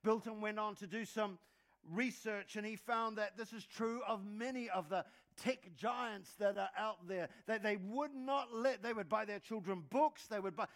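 High-voiced man preaching. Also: a bit bright. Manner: conversational preaching with quick asides and dad jokes; repeats words when building emphasis. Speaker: pastor. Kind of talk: sermon.

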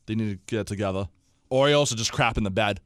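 A young man, co-hosting a casual sports chat and telling animated stories with acted-out quotes. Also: fairly low pitch, fast talker, clean tone, no echo, studio quality. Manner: animated storyteller, acts out quotes. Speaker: podcast co-host.

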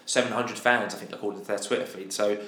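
Male podcast co-host, lowish voice, casual match review, room echo. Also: fast, a little hiss or hum. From England. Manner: animated, exasperated opinions. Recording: roomy echo.

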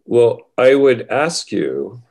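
A male host with a deep baritone voice. He asks his questions in measured phrases, and his pitch moves in a lively, animated way. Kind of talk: interview chat.

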